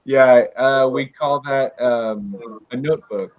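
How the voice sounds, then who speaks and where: A man's voice: medium pitch, slow pace. A man teaching English in a casual online class, explaining usage through spoken example sentences. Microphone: video call. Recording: dull video-call audio.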